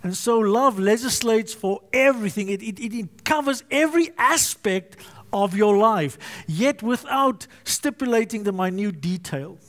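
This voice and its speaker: A man's voice: sits high, animated, a little slow, fairly bright tone. A male pastor preaching a sermon, emphatic and fond of repetition and alliteration.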